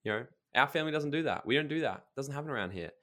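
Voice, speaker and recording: A man's voice: mid-range voice, expressive, bright, forceful tone. Blunt, emphatic man telling a story. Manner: emphatic, blunt, casual swearing; storytelling with quick asides. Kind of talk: casual podcast chat.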